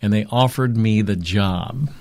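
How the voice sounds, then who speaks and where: Middle-aged guy, deep gravelly voice, rambly storyteller, dry sound. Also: a little slow, no echo. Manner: rambling, fillers, animated retelling. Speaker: talent agency owner, guest. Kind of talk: storytelling in casual interview.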